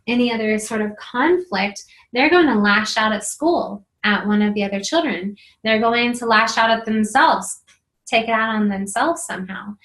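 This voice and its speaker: A woman's voice: medium pitch, fairly bright tone, poor audio. A middle-aged woman hosting a marriage video series, talking to camera in an earnest, encouraging way with many fillers. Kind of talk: casual talk to camera.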